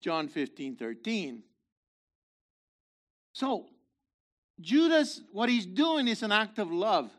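A man preaching a sermon in a theatrical way, acting out voices and swinging from shouts to hushed asides. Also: high voice, very animated, takes it slowly, long pauses.

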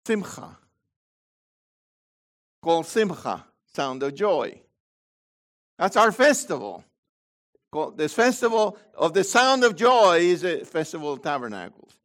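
A man preaching a sermon as pastor, swinging between loud high emphasis and low quiet asides. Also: very animated, a little slow, pauses often.

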